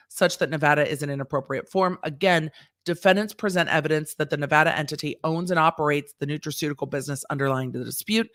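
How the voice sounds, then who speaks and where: A woman lawyer with a low voice hosts a casual legal commentary, recorded in studio quality with no echo. She reads court papers aloud and acts out the judge's lines in quotes, animated and full of sass.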